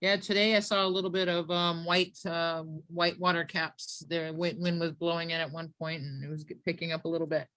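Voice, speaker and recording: A woman's voice: on the low side, level tone, fairly quick, hardly any pauses, fairly bright tone, dry recording. A woman from South Florida hosting a casual online group call, chatty and full of fillers and restarts.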